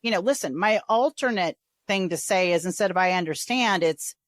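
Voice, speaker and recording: A woman hosting a podcast in casual, chatty conversation, animated and quick to act out quoted voices. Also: lowish voice, dry recording. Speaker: podcast host. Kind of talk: casual chat.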